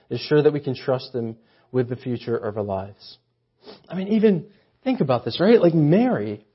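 A man's voice: high-pitched, breathy edge. Chatty man preaching a casual sermon. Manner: chatty, says "like" often, swings between hushed awe and loud emphasis. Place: church chapel. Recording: muffled lo-fi sermon audio.

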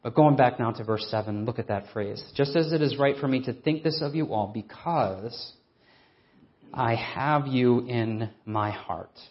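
A male preacher delivers an earnest, emphatic sermon, leaning on rhetorical questions. He slows right down to stress the verses he reads. The recording sounds a little dull and lo-fi, as if taped in church. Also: mid-range voice.

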